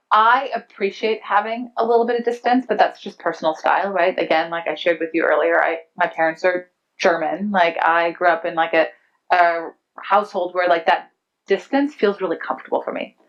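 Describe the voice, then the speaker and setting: A woman's voice: on the low side, fairly even intonation, normal speed. Woman speaking on a muffled lo-fi recording. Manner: thoughtful, frequent "like" fillers. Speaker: conference panelist. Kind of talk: casual Q&A discussion. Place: conference room.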